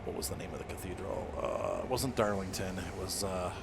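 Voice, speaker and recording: A man's voice: low-pitched, a little fast, vocal fry, noisy background. A young American man chatting casually with viewers while playing a game, rambling with lots of fillers. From United States. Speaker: streamer. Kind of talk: casual gameplay chat with viewers.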